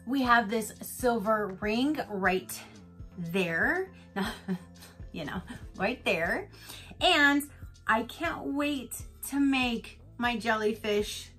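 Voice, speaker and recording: A woman's voice: on the high side, drawn-out words, a bit bright, soft background music. A woman vlogger chatting casually through an unboxing, telling stories with lots of laughter. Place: home in Florida.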